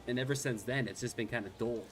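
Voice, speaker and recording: A man's voice: mid-range voice, fast, background noise. A man streaming a game, chatting casually and thinking aloud as he plays. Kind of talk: casual gameplay commentary.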